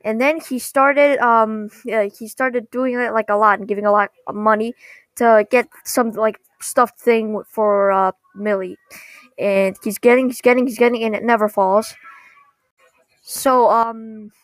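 A woman casually recapping a cartoon episode, rambling and halting, often correcting herself mid-sentence. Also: on the high side, steady tone, dry recording.

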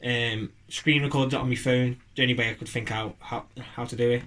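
A man's voice: medium pitch, steady tone, brisk, a bit bright. A man chatting on a podcast, rambling and joking with lots of fillers and restarts. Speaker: podcast co-host. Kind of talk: casual chat.

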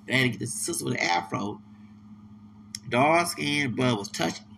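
A man's voice: mid-range voice, animated, moderate pace, vocal fry, noisy background. A man talking on his podcast in a casual, rambling monologue, emphatic and often stumbling over repeated words. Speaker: podcast host.

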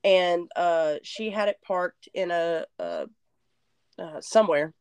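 Animated woman telling a story. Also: fairly low pitch, slow, smooth, dry recording. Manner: animated storyteller, drawling, self-mocking. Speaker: podcast co-host. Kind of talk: casual chat.

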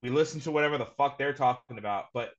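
A man's voice: mid-range voice, fast talker. A man co-hosting a podcast in casual sports banter, emphatic and repeating himself to press a point. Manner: emphatic, repeats names and phrases insistently. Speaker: podcast co-host. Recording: slightly dull lo-fi podcast audio.

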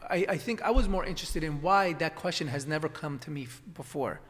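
A man's voice: on the high side, fairly quick, a bit bright, long reverb tail. A man telling his story in a casual conversation, rambling with lots of restarts and fillers. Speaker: acupuncturist guest.

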